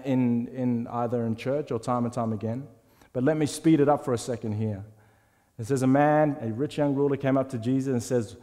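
A man giving a church talk in a school hall, retelling parables and acting out the voices with big swings in pitch and loudness. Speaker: speaker of a church talk series. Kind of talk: sermon. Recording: long echo of a large hall.

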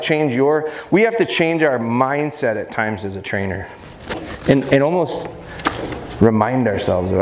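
Animated man teaching in an echoey hall. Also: mid-range voice. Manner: animated, demonstrative, jokey. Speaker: dog trainer. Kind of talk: live seminar talk. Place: expo seminar hall. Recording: echoey hall, faint background noise.

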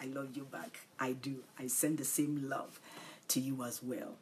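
Softly pleading woman preacher. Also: extremely low pitch, little pitch movement, normal speed, slight background noise. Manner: drops into soft breathy whispers for emphasis; repeats short phrases, pleading and tender. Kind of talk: livestream sermon and prayer.

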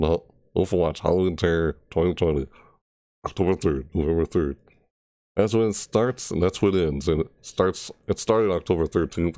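A man's voice: deep voice, warm tone, no room sound, studio quality. A man casually reacting to a game trailer, rambling and correcting himself as he goes. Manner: rambling, self-correcting, breaks into shrieked character impressions. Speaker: gaming video creator.

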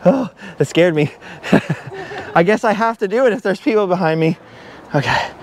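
A middle-aged man vlogging outdoors from a high forest walkway, nervous and breathless, laughing at himself and repeating his worries. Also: animated, moderate pace, slight background noise. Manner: jittery and self-mocking, laughs often, repeats himself. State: breathless from nerves. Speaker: travel vlogger. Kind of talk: nervous chatter to camera while walking a treetop trail.

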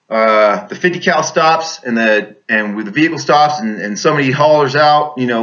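Veteran man recounting combat, bright forceful voice, vivid and intense, dull lo-fi sound. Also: mid-range voice, normal speed. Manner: vivid, intense, with many restarts. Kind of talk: casual spoken storytelling.

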